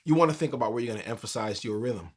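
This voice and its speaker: A man teaching a keyboard tutorial in a relaxed, conversational way, counting beats aloud as he plays. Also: medium pitch, rapid-fire. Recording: piano music under the voice.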